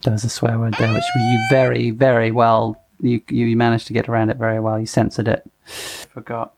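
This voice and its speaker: Middle-aged guy hosting a chatty podcast, rambles a lot, chuckles, keeps correcting himself, normal mid pitch. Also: completely flat delivery, normal speed, gravelly, a little mellow. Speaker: podcast host. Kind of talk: casual podcast chat.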